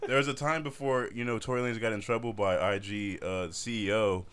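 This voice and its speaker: A man co-hosting a casual podcast, telling stories in a relaxed, loose way. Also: on the low side, fairly quick, few pauses. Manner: relaxed, loose storytelling with fillers. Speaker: podcast co-host. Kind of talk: casual chat.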